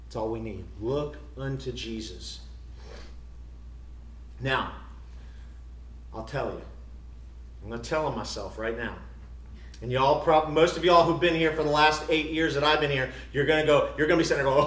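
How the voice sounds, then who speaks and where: A middle-aged man preaching a sermon as a pastor, emphatic, rising to loud declarations and dropping to quiet personal asides. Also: mid-range voice, distant mic. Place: church sanctuary. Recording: roomy church echo.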